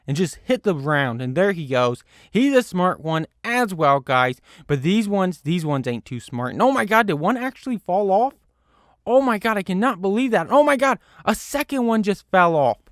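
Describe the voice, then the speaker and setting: Over-the-top excitable gaming host, dry sound. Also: male voice, moderate pace, no room sound. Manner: over-the-top excitable, big swings in pitch and loudness; gushing, repeats superlatives. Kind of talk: gameplay commentary.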